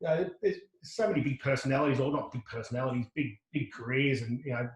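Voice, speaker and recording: A middle-aged Australian man, a podcast guest, tells a lively anecdote full of restarts and quoted dialogue. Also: medium pitch, fast, reverberant, rough recording. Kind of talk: casual storytelling.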